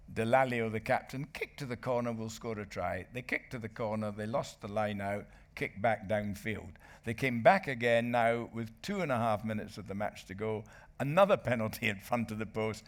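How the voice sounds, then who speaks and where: An older man, a rugby commentator and author, telling anecdotes to a live audience as a festival guest, lively and chuckling. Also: medium pitch. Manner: lively raconteur, chuckling, bursts into re-enacted commentary. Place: book festival stage.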